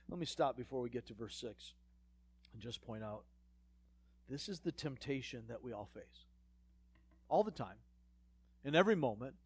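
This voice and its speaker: Dry-voiced preacher with sarcastic asides. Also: male voice, mid-range voice, animated, moderate pace, pauses often, slightly rough, no room sound. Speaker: pastor. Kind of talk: sermon.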